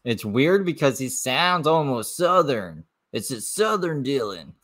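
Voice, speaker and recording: A man hosting a live stream, talking in a rambling, offhand, low-key way as he comments on clips. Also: sing-song, a little slow, fairly bright tone. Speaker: livestream host.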